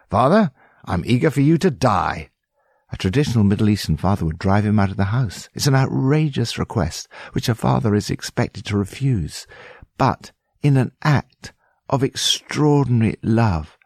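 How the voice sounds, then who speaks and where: A man reading scripted devotional commentary in an earnest, steady way with emphatic phrasing. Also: fairly low pitch, dry recording, clean studio sound.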